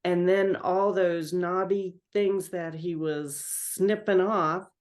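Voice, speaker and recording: A woman's voice: fairly low pitch, fairly even intonation, takes it slowly, a little mellow. A woman in a meditation group describing her vision, telling it in a rambling way with many fillers. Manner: rambling, filler-heavy storytelling. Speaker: participant.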